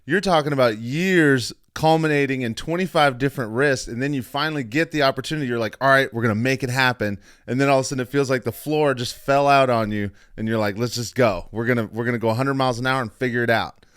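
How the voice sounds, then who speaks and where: Smooth-voiced man hosting a podcast. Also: mid-range voice, quick pace, few pauses, fairly bright tone, dry recording, clean studio sound. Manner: enthusiastic, casual, says "man" and "dude". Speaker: podcast host. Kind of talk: casual interview chat.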